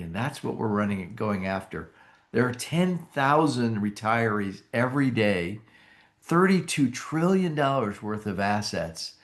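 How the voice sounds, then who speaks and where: A man giving an enthusiastic sales pitch on an opportunity call, often restarting and correcting his phrases. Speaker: company presenter pitching annuity sales.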